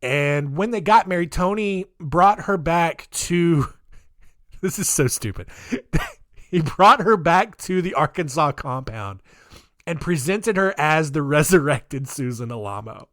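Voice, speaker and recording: A man's voice: fairly high pitch, expressive, unhurried, a bit bright, no echo, clean studio sound. A man hosting a podcast, casually telling a story with sarcasm, laughter and mocking put-on voices. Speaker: podcast host.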